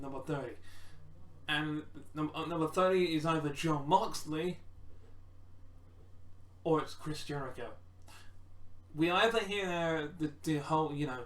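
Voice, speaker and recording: A wrestling fan rambles casually through his match predictions, full of restarts and acted-out quotes. His voice is fairly high and fairly bright, recorded from a distance with a roomy echo.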